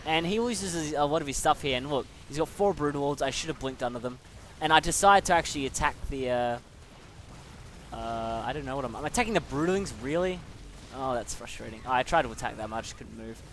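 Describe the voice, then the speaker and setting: A man's voice: medium pitch, a little fast, a bit bright, slight background noise. A young man casually commentating a replay of his own match, chatty and self-mocking.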